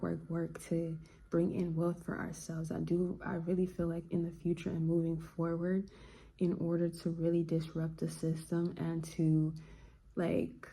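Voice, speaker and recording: Gravelly low-voiced woman vlogger. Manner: relaxed, slangy, reflective talk. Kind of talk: casual chat.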